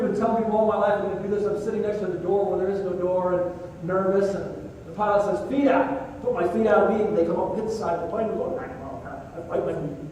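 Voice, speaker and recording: A man's voice: sits high, warm tone, a little hiss or hum. Older man telling stories in an echoey hall. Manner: vivid storyteller, acts out dialogue. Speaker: keynote speaker. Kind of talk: storytelling keynote. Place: conference hall. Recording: echoey hall, distant mic.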